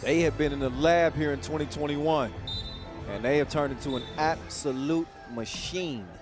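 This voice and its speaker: A man calling a basketball game live, quick and jokey, with excited bursts on big plays. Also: fairly high pitch. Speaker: play-by-play commentator. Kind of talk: live sports commentary. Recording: commentary over loud arena music and crowd.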